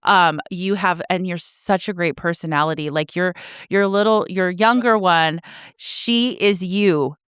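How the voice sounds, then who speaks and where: A woman's voice: fairly low pitch, measured pace, fairly bright tone, smooth, no room sound, studio quality. A woman hosting a podcast interview, talking in a casual, rambling way with lots of fillers and restarts. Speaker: podcast host.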